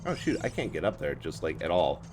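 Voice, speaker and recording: A man's voice: deep voice, very animated, brisk, noisy background. A young man live streaming a game, chatting and laughing with his chat while putting on a cobbled-together Scottish accent, recorded at home. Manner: chatty, laughs often, talks to chat by name. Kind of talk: casual gameplay stream chat. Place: hot room at home. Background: game music.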